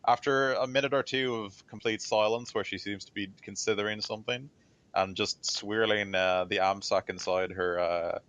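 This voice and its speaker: A man narrating as game master in a tabletop game, relaxed and hesitant, with many fillers. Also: on the low side, normal speed, dry recording, lo-fi sound.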